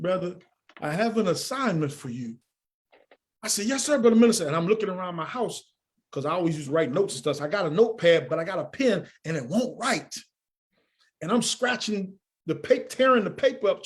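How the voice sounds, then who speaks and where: A man telling a personal story as a podcast guest, earnest and animated, acting out the dialogue he quotes. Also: sits high. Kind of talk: storytelling in an interview.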